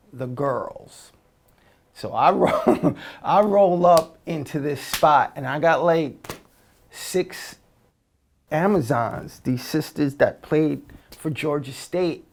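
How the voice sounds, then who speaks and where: A man telling stories in a relaxed, slangy way as an interview guest, with many fillers and restarts. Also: medium pitch, creaky. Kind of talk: casual storytelling.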